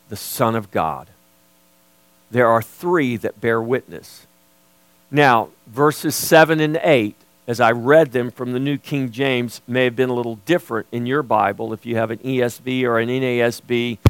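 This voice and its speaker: A man's voice: fairly high pitch, clear, resonant tone, no room sound. Earnest preaching man, dry sound. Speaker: pastor. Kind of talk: expository sermon.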